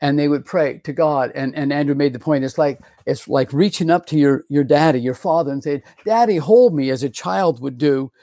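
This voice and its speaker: Middle-aged pastor guy teaching bible, gravelly, mellow tone, dry close sound. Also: fairly high pitch, fairly even intonation, brisk, few pauses, dry recording. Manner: conversational, repeats words and restarts often. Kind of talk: sermon-style Bible teaching.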